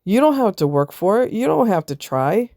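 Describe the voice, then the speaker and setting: Blunt woman lecturing in a mellow voice. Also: medium pitch, sing-song, normal speed, no room sound, clean studio sound. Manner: blunt, preachy, rhetorical questions. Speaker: vlogger. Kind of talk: casual commentary.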